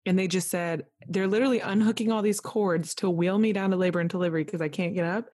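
A woman guest on a podcast telling an emotional personal story in a lively, rambling way, full of "like", acting out what others said. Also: on the low side, quick pace, no echo, clean studio sound. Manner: animated, full of "like", acts out quoted voices. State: tearful at moments.

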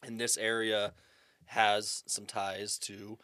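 A man co-hosting a chatty podcast, animated and quick to joke, with swearing scattered through his talk. His voice is bright and forward, recorded close and dry. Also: lowish voice, smooth, no echo. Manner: animated, swears, jokey, jumps in often. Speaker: podcast co-host. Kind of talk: casual chat.

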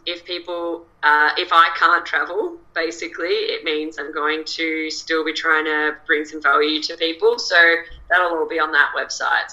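Bubbly Australian woman with a bright voice. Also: low voice, low-quality recording. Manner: chatty, bubbly, laughs often. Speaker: coach and guest. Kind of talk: casual interview chat. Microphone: video call.

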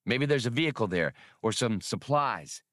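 A man voicing a cocky, sardonic male starship captain in an audiobook, quick and commanding. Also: medium pitch, expressive, fairly bright tone, no echo, studio quality, close to an everyday voice. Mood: tense commanding. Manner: wry, commanding.

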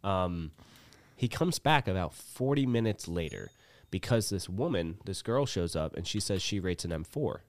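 A man, telling a story as a guest in a casual chat, animated and swearing freely as he acts out the dialogue. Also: low voice, normal speed, no room sound. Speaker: podcast guest.

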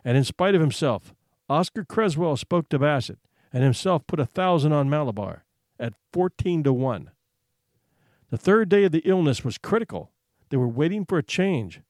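A man reading a dramatic short story aloud, building suspense with expressive, hushed pauses. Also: on the high side, no echo, studio quality. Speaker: narrator.

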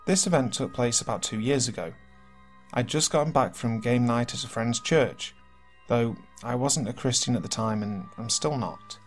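A man reading submitted horror stories aloud as narrator, in steady, earnest storytelling. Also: medium pitch, moderate pace. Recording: faint music behind.

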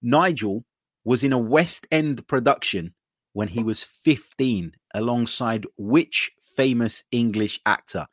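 A man's voice: mid-range voice, takes it slowly, no room sound, clean studio sound. A man hosting a betting podcast, reading out listener entries in an easygoing way. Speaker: podcast host.

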